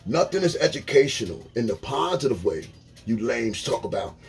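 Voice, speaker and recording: Man with a mid-pitched voice, ranting monologue, heavy swearing, blunt, preachy delivery, faint music bed. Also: sing-song, moderate pace, rough recording. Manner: blunt, preachy, swearing, repeating words for emphasis.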